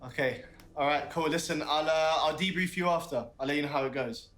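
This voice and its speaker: A man's voice: on the high side, fairly quick, fairly bright tone, lightly acted. An actor with a London accent playing a nervous young man stammering through a video date in a game. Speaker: game protagonist. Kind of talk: game voice acting.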